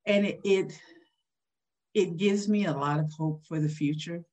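A woman in her sixties, husky-voiced, recalling a personal story in a candid interview with a soft laugh now and then. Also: fairly low pitch, measured pace. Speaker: guest.

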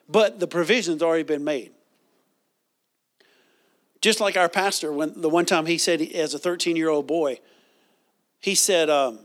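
A man preaching a sermon, reading scripture and leading the congregation in call-and-response. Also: fairly high pitch.

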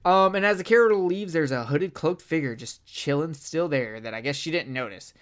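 During a relaxed movie review on a podcast, one co-host rambles in an animated, swear-heavy way, using a mid-range voice at normal speed.

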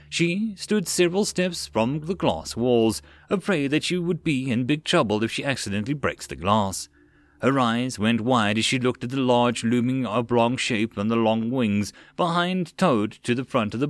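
A man narrating a web novel audiobook in a steady, plain reading voice, close to the mic. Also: mid-range voice, dry recording.

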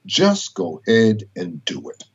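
A man's voice: lowish voice, huge pitch swings, unhurried, husky, muffled recording. A middle-aged man, a college professor, telling stories emphatically and preacherly, with biblical references. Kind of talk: inspirational storytelling interview.

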